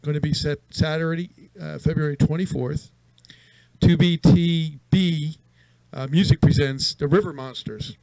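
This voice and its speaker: Casual male radio co-host, a bit high. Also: steady tone, unhurried, creaky, a little mellow, no echo, low-quality recording.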